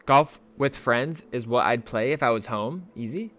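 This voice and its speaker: A man chatting casually on a live gaming stream, easily excited and cooing at his cat. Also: medium pitch, moderate pace.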